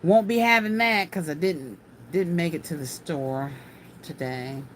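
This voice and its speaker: A woman's voice: lowish voice, unhurried, slight background noise. A woman hosting a casual craft livestream, chatting folksily and laughing often as she answers viewer comments.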